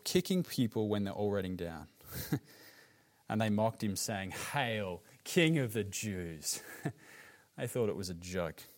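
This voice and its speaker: An Australian-accented pastor preaches a sermon earnestly and emphatically, his darkish voice dropping low on grave words.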